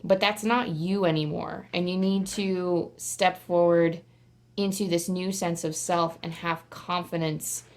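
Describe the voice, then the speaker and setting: A woman giving a casual pick-a-card tarot reading straight to camera, talking in a chatty, rambling way full of "like" fillers and sometimes bursting into excited squeals. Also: lowish voice, a little slow.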